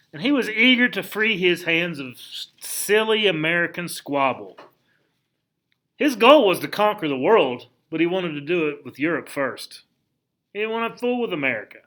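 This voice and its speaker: A man teaching a history lesson in a lively, conversational way, asking the class questions and acting out historical figures in quick asides. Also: high voice.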